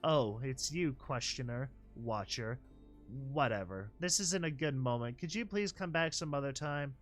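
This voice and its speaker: A man's voice: mid-range voice, animated, measured pace, soft background music, lightly acted. A man voicing a young filly foal, childlike and pleading, with a voice that cracks, in a storybook reading. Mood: upset.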